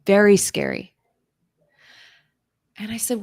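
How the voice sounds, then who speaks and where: A woman, a guest on an interview show, telling an intense personal story in a vivid, dramatic way, at times dropping to a hushed whisper. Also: lowish voice, unhurried, vocal fry, no echo. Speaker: interview guest, recovery author.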